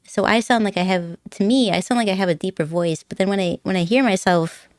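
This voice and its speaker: A woman's voice: medium pitch, fairly quick, a little mellow, no echo, studio quality. Giggly young woman chatting on stream. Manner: giggly, chatty, rambling, puts on silly accents. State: nervous. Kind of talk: casual chat with viewers. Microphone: desk microphone.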